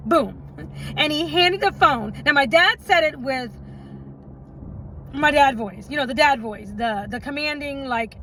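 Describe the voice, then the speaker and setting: A woman's voice: high-pitched, animated, a little slow, fairly bright tone, slight background noise, rough recording. A woman telling her own life story in a casual storytime vlog, chatty and rambling, often stopping for asides and laughs.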